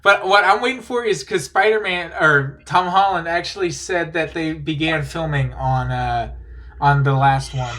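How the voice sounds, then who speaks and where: Podcast guy rambling away, kinda high voice, gets excited and laughs a lot. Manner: rambling, enthusiastic, laughs easily. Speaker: podcast host. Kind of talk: casual chat.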